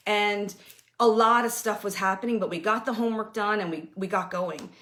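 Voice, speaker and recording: A woman's voice: mid-range voice, normal speed, a bit bright, slight background noise. Candid woman telling her own story. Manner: candid, storytelling, acts out quoted voices. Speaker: host. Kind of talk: personal motivational talk.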